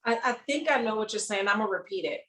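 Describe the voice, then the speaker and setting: A woman comedian in casual conversation, talking in an animated way and acting out little voices as she explains. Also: medium pitch, quick pace, poor audio. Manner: animated, acts out voices and sounds. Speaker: comedian, guest. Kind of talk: casual chat.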